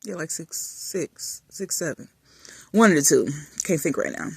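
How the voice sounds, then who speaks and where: A woman vlogger chatting casually and affectionately while lying in bed in a dark room, often dropping to soft murmurs. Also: deep voice, expressive, measured pace, creaky, husky, no echo. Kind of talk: casual chat.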